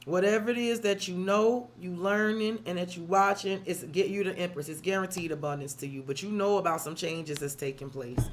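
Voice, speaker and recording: A woman's voice: on the low side, slight background noise. A woman tarot reader on a live stream, talking openly and emotionally to her viewers and swearing freely. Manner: talks straight to viewers, calls them girl and sis.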